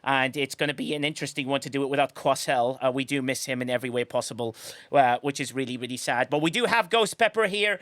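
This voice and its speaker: A man hosting a casual live-stream chat, effusive and quick to laugh. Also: medium pitch, a bit bright, dry recording. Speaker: podcast host.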